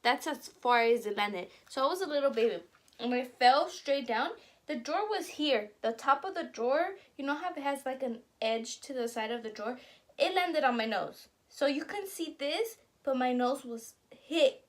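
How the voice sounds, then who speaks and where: A woman's voice: sits high, expressive, moderate pace. A young woman casually telling stories to camera while eating, chatty and laughing along as she talks. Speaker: vlogger.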